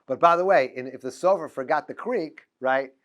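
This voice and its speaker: A man's voice: fairly high pitch, brisk. A middle-aged man giving an informal class as a rabbi, telling stories with frequent restarts and chuckles. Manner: animated storyteller, many restarts and chuckles. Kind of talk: informal lecture with anecdotes.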